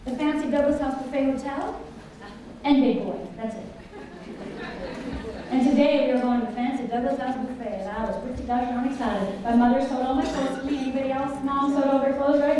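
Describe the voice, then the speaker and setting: A middle-aged woman telling a personal story to a conference audience, animated and often asking the listeners questions. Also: high voice, brisk, distant mic, a little hiss or hum. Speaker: conference speaker. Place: large conference hall. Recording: echoey hall, voice picked up from afar.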